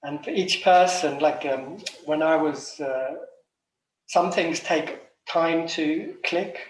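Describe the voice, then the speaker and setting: English man, fairly high voice, loose reflective talk full of ums, echoey room, set back from the mic. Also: slow, distant mic. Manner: rambling, many ums and restarts. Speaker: macrobiotic chef and retreat director. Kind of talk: casual reflective talk at an online forum.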